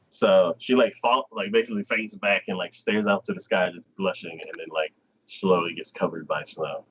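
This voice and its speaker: A man's voice: on the low side, moderate pace, slightly rough, dull audio. A man hosting a casual livestream chat, retelling an anime episode with lots of fillers and acted-out lines. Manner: animated plot retelling, acting out characters in quotes. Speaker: anime podcast host.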